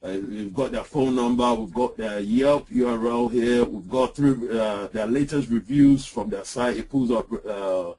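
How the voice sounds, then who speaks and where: A man with a husky, slightly breathy voice talks through a software demo on an online call. He speaks at an ordinary pitch, hesitating often and filling gaps with "uh" and "um" as he clicks through the screen. It sounds like a computer mic on a web call. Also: a little slow, hardly any pauses, poor audio. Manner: hesitant, lots of "uh" and "um". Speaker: webinar presenter.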